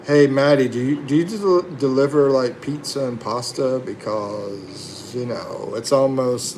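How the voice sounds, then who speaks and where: Give me a man chatting slowly on a livestream, reading viewer comments aloud, with faint room noise behind him. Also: medium pitch, darkish tone. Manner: chatty, reads viewer comments aloud with frequent laughs and fillers. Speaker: livestream host.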